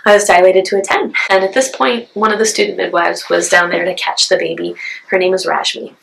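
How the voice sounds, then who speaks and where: A woman's voice: fairly low pitch, vocal fry, poor audio. A woman in her thirties telling a personal story to camera in a heartfelt, emotional way. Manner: heartfelt, emotional, with restarts and soft laughs. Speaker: vlogger.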